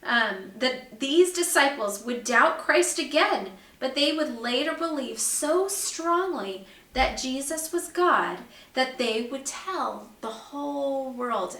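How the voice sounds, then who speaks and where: A woman teaching a Bible lesson to young children, explaining slowly and clearly and asking them questions. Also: high-pitched, animated, a bit bright, echoey room. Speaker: second grade teacher.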